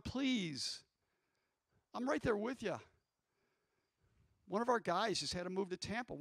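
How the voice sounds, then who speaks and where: A man preaching a lively guest sermon, breaking into shouts and calling on the congregation to answer back. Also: high-pitched, dry recording. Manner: excitable, shouting bursts, congregation call-and-response.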